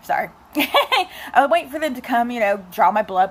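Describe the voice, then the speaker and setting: A chatty young woman tells a story straight to her camera in a casual, animated way, talking to her viewers. Her voice sits a little high. It sounds like a relaxed home recording on a camera mic. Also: moderate pace. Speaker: vlogger.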